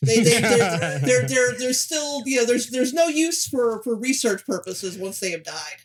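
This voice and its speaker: A podcast co-host chatting casually about an episode. The delivery is halting, with repeated words as the thoughts come together. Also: medium pitch, sing-song. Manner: halting, repeats words while searching for a point.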